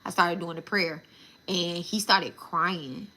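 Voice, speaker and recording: Animated, bright-voiced woman telling a story. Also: fairly low pitch, takes it slowly. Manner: animated, profane, addresses listeners as y'all. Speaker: spiritual channel host. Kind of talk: casual storytelling to viewers.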